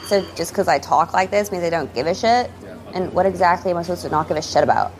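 A woman playing a bored young barista in a comedy sketch, with a put-on drawl and heavy vocal fry. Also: on the low side, fast talker, a little hiss or hum, lightly acted, low-quality recording. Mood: defensive. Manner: flat, uncaring, defensive.

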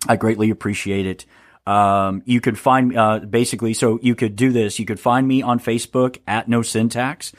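A man's voice: fairly low pitch, no room sound, clean studio sound. A man hosting a solo podcast, talking in a sarcastic, rambling way with stammers and laughs. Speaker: podcast host.

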